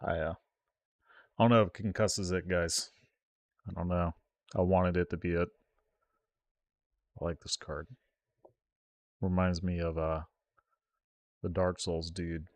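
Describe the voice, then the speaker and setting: Male streamer, low and slow delivery, excitable play-by-play reactions to a card game. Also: no room sound. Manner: excitable, groans and yelps at the game, talks to chat. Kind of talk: live gameplay commentary.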